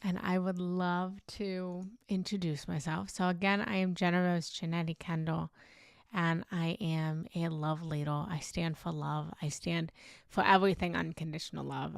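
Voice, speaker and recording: A woman's voice: on the low side, gravelly, dry recording, clean studio sound. A young woman hosting a live stream as a meditation teacher, gushing and effusive, repeating her greetings over and over. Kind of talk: live-stream chat and talk.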